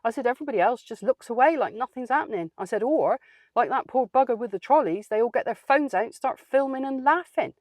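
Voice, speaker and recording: A woman's voice: fairly high pitch, lively intonation, fast talker, darkish tone, dry recording, natural voice. Woman playing a blunt older lady. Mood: wry. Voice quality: dry, plain-spoken and sardonic. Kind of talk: comic character monologue.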